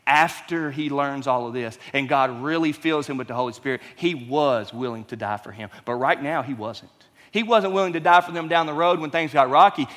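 A man's voice: fairly high pitch, a bit bright, long reverb tail. A man preaching a sermon as pastor, conversational and emphatic, with frequent rhetorical questions.

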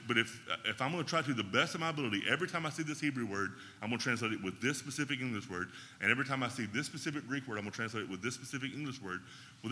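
A man's voice: mid-range voice, pushed and bright, big-room sound. A man teaching a Bible class in a conversational way, often checking in with his listeners.

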